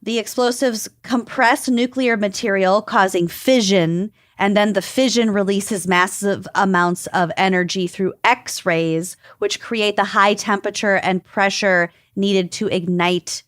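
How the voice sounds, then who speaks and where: A woman's voice: mid-range voice, fairly even intonation, a little slow, few pauses, no echo, clean studio sound. Joking woman reading out research. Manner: loose and joking, lots of "like" fillers. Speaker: podcast co-host. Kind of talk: casual chat, explaining research notes.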